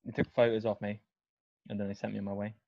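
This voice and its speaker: A man's voice: fairly low pitch, little pitch movement, fast, gravelly. A young man, telling a story in casual chat, laid-back and full of fillers and swearing. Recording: dull, slightly lo-fi dry sound.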